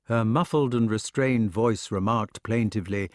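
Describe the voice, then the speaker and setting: A man reading a novel aloud as an audiobook narrator, measured and storytelling. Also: fairly low pitch, lively intonation, dry recording, clean studio sound. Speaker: audiobook reader. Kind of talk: scripted narration.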